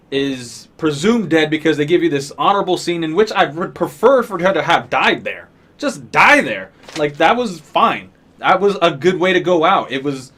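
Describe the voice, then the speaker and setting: A man's voice: on the high side, fairly bright tone. Exasperated man ranting a film review. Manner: exasperated, profane, sarcastic. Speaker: movie reviewer.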